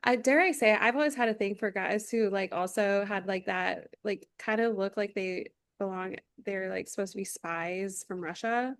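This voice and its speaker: A woman co-hosting a podcast in casual chat, playful and quick to laugh. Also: mid-range voice, smooth, dry recording, clean studio sound. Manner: laughing, playful, slips into mock accents. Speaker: podcast co-host.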